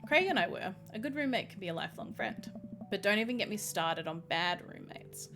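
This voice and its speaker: A woman's voice: mid-range voice, animated, brisk, close to an everyday voice. A woman reading as a doting, joking dad, over game music. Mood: tender. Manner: gentle, joking fatherly tone. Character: warm, doting single dad of a teen. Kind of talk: reading game dialogue aloud.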